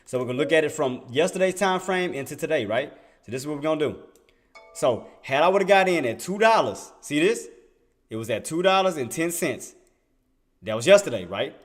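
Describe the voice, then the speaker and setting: A man's voice: a little high, lively intonation, fairly quick. A young adult man giving casual, emphatic commentary on trading charts, repeating himself and firing rhetorical questions at his viewers. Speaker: day trader streaming market commentary. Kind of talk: casual screen-share commentary.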